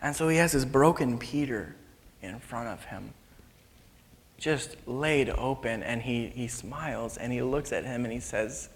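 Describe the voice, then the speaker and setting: Man, preacher, storytelling sermon, conversational, mid-pitched, long hall reverb. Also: measured pace, slightly rough. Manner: casual and conversational, drops to hushed tones.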